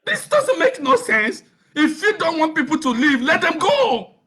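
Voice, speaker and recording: A man's voice: extremely high pitch, huge pitch swings, measured pace, sharp tone. A man calling in to a live talk show, close to tears, agitated and pleading, often raising his voice. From Nigeria. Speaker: caller.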